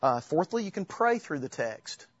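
Husky-voiced man teaching on Scripture. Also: on the high side, big pitch swings, dry recording, highs cut off. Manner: halting, restarts while quoting Scripture from memory. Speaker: Bible teacher. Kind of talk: informal church teaching talk.

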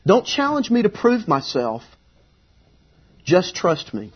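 A man preaching, voicing a gentle, patient figure who coaxes someone to trust him. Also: sits high, wildly swooping pitch, slow pace, slightly rough, lo-fi sound, pitched above the performer's own voice, heavily acted. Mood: coaxing. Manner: gentle, coaxing.

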